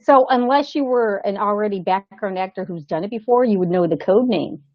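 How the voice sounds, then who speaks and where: An animated woman actor tells a story as an interview guest, slipping into the voices of the people she met along the way. Her voice sits at a middle pitch and sounds very dry and close, with slightly dull, lo-fi audio from a remote call. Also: fairly quick, dry recording. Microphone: remote call setup.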